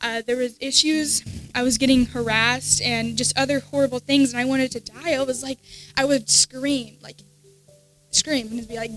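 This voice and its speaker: A teenage girl speaks in church with a high, light voice, sharing an emotional personal testimony. She stumbles and restarts often, her voice dropping soft in places. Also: fairly even intonation, soft background music, low-quality recording. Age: teens. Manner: halting, many restarts, soft at times. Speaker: congregant giving testimony.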